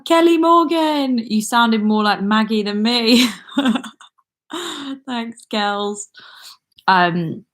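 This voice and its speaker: A young woman chatting casually on her livestream, reading out viewer comments and rambling with frequent ums and little laughs. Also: a little high. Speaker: YouTuber hosting a livestream. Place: indoors at home with a laptop.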